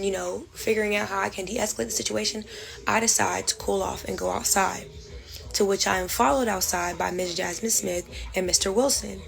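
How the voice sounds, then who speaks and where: A young woman recounting a college incident in a detailed, measured storytime monologue. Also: medium pitch, vocal fry, rough recording. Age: young adult. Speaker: vlogger.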